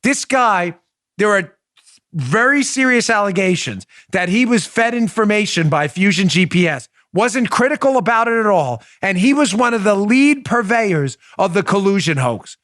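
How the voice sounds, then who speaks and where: A combative male host with a high, bright-edged voice, hammering each point with mocking emphasis. He sits close to the mic in a dry, dead room with no echo at all. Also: animated, moderate pace. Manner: does a high silly impression voice in bursts. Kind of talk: political commentary show.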